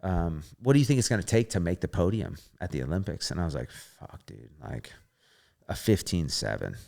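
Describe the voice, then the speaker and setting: A man in his thirties, a podcast guest, telling a story in a casual, animated way, swearing often and acting out what people said. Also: sits low, fairly quick, gravelly. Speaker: podcast guest, former gymnast.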